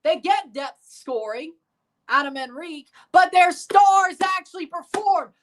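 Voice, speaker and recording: A woman streaming a sports watchalong, ranting with profanity and sarcasm and bursting into shouts. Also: very high-pitched, lively intonation, a little slow. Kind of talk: live sports reaction rant.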